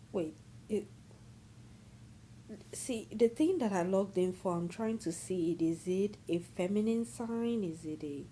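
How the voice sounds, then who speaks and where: A woman in a casual astrology vlog speaks slowly, stumbling over fillers and restarts. Her voice is low and mellow, with faint hiss in the background. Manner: rambling, many fillers and restarts. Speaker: astrology vlogger. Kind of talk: casual talk to camera.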